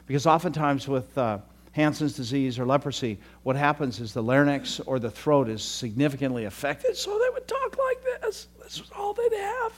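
Older man, pastor, sermon, folksy and conversational, mid-range voice. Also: medium pitch. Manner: conversational, folksy, with repeated restarts and joking asides.

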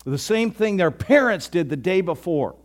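A pastor preaching a sermon in a conversational, animated way with sudden bursts of emphasis. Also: male voice, high voice, moderate pace.

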